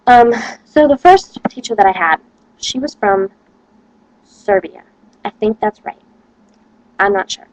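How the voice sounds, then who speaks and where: A woman's voice: medium pitch, expressive, a little slow, pauses often, dry recording, poor audio. A young woman, a college student, rambling casually to camera and complaining with lots of "like". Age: young adult.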